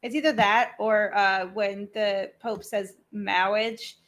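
A woman's voice: mid-range voice, steady tone, a little slow, a bit bright. A woman co-hosting a podcast, chatting casually and laughing as she quotes movie lines. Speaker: podcast co-host. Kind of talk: casual movie review chat.

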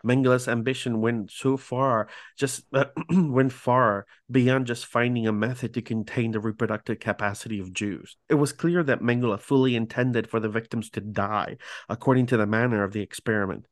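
A man's voice: mid-range voice, no echo, studio quality. A man hosting a podcast, reading prepared narration with casual asides and stumbling over foreign words. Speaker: podcast host.

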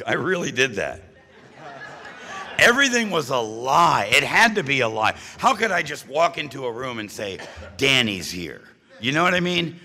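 A man's voice: on the high side, bright, forceful tone. A man speaking at a recovery meeting, telling his own story with humor and punchy jokes. He keeps checking in with the audience by asking "right?" and "you know?". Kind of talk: humorous personal-story talk to a live audience. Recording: live talk with long hall reverb.

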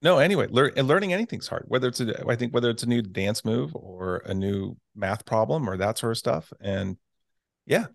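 A man who teaches, hosting a casual radio chat, halting and repeating words as he talks. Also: mid-range voice, lively intonation, creaky, no room sound, studio quality.

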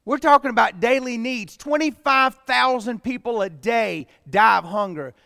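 A man pastor preaching a sermon with emphatic delivery that rises to loud exclamations. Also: very high voice, normal speed, creaky, no echo, studio quality, long reverb tail.

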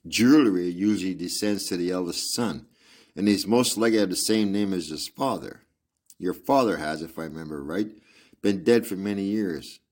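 A man reading aloud as a brilliant, precise Victorian male detective, in a measured, lecturing manner. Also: low voice, a little mellow. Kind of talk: audiobook reading with asides.

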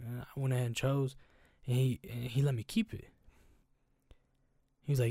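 A young man co-hosting a casual podcast, telling animated stories full of slang and "bro". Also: mid-range voice, normal speed, pauses often, dry recording. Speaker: podcast co-host.

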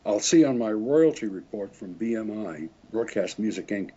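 Husky older man telling rambling anecdotes. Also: fairly low pitch, expressive, moderate pace, mellow. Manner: rambling, chuckling, self-correcting. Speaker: interviewee, French horn player. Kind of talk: casual anecdotal storytelling. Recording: dull lo-fi recording.

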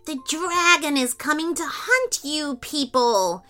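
A woman voicing a bold young girl who dreams of being a superhero, in a high, excited childlike voice. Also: slow pace, soft background music, full character voice. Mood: eager.

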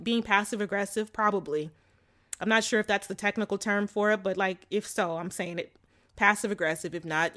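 Chatty woman talking straight to her viewers, mid pitch, lots of "like" and "you know", laughs a bunch, slangy and frank. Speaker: vlogger giving relationship advice. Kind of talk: casual chat to camera.

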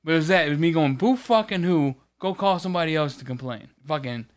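A man's voice: on the high side, racing, clear, resonant tone. A man co-hosting a casual podcast, telling a work story with lots of swearing. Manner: profane, animated storytelling. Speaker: podcast co-host. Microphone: studio podcast mic.

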